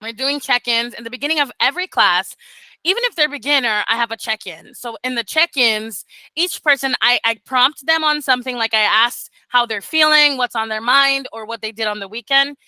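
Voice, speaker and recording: A woman mentoring beginner English teachers on a video call, animated and laughing often as she talks casually. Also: a little high, brisk, smooth, no echo, rough recording.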